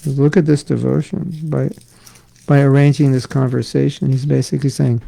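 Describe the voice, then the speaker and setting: A man's voice: medium pitch, steady tone, moderate pace, vocal fry, warm tone, rough recording. A middle-aged man giving a scripture class, conversational and joking with his listeners. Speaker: spiritual teacher. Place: class in Florida.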